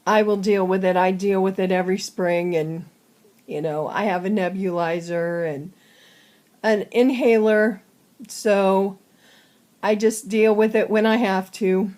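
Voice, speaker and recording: Woman vlogger, short of breath, unhurried halting home update, mid-pitched. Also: steady tone, darkish tone. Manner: slow, halting, many fillers. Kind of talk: casual personal update.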